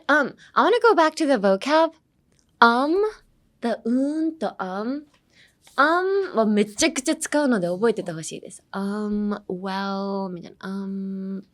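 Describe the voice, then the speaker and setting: A young woman from California teaching English casually, mixing in Japanese and leaning on "um" and "like". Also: medium pitch. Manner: uses lots of "um" and "like" fillers; switches between English and Japanese.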